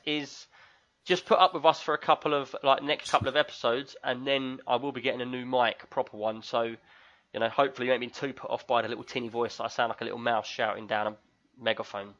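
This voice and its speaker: A man's voice: mid-range voice, steady tone, quick pace, fairly bright tone. A man with a London accent hosting a podcast in casual chat, joking and reading listener reviews aloud. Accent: London English. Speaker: podcast host. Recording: tinny lo-fi mic.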